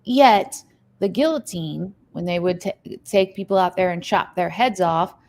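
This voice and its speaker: A woman co-hosting a casual livestream chat, talking in an animated way, reading viewer comments aloud and saying "like" often. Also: on the low side, a little slow, slight background noise. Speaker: livestream co-host.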